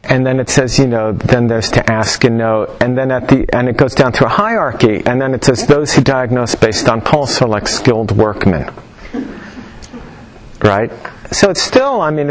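A man's voice: medium pitch, poor audio. A middle-aged man teaching a class on Chinese medicine, talking informally, with wry humor and digressions. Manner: chatty storytelling with asides and wry humor.

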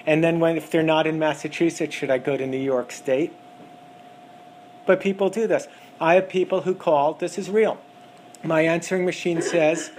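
A man teaching a class on acupuncture diagnosis, talking in an animated way and mimicking callers' voices to make his points. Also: a little high, normal speed, a little hiss or hum. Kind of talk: lecture with acted examples.

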